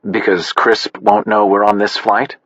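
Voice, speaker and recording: A man's voice: lowish voice, level tone, measured pace, fairly bright tone, no echo. A man voicing a wry, dogged sports agent who talks in a dry, matter-of-fact way, in an audiobook. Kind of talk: audiobook character voice. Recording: dull, slightly muffled.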